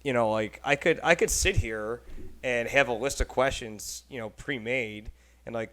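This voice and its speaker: A man with a Texan accent hosts a relaxed podcast conversation, rambling loosely from thought to thought. He talks in an animated, offhand way and drops casual swears. His voice sits at an ordinary middle pitch for a man. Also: normal speed. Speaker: podcast host.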